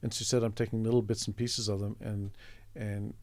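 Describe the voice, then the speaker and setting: Canadian guy rambling thru a story, low gravelly voice, dry close sound. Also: little pitch movement, brisk, darkish tone, no echo. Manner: reflective, meandering anecdotes with restarts. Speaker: interview guest, artist. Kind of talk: conversational storytelling.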